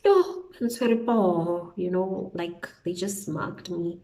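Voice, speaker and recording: A young woman from South Africa chats her way through a storytime while applying eye makeup. Her voice is lowish and mellow, and her telling is lively and full of casual interjections. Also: slow, poor audio. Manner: chatty, animated storytelling with slang interjections. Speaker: beauty vlogger. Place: indoors at home, windy outside.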